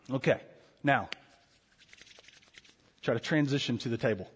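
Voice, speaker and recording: A man's voice: mid-range voice, measured pace, long pauses, slightly rough. A man preaching a conversational sermon as pastor, with emphatic repeated words. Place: church sanctuary. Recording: long hall reverb.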